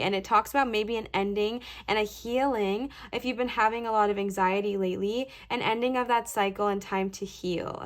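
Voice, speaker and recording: A young woman giving a casual pick-a-card tarot reading to camera, chatty and reassuring, often checking in with "okay, bestie?". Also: medium pitch. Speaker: tarot reader.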